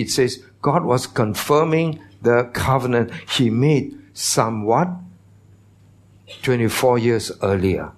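A male pastor with a mid-range voice preaches a sermon in church. He teaches in a conversational way and puts questions to the congregation.

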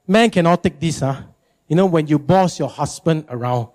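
A male pastor preaching a sermon, animated and emphatic, often repeating words for effect. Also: moderate pace. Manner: animated, emphatic, jumps into high mimicking.

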